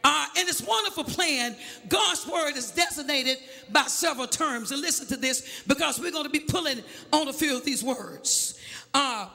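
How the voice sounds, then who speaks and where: A man preaching a sermon, calling for a witness, shouting and half-singing his lines in an echoey church. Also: extremely high pitch, moderate pace, vocal fry, faint music behind.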